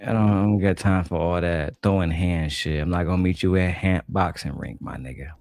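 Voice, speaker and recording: Streaming from Detroit, a man reacts in a blunt, profane rant, talking a little fast. His deep voice is gravelly and darkish, recorded close and dry with no echo, and faint music lingers far behind him.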